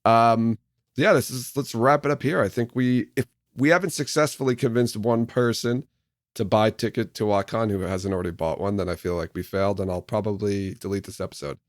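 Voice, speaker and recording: A man hosting a podcast in relaxed casual chat, laughing easily. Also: lowish voice, brisk, no room sound, clean studio sound. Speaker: podcast host.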